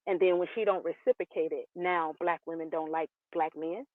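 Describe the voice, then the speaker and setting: Man calling in, kinda high voice, phone line sound all dry, earnest and asking questions. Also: fairly even intonation, brisk, dry recording. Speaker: caller. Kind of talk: call-in commentary.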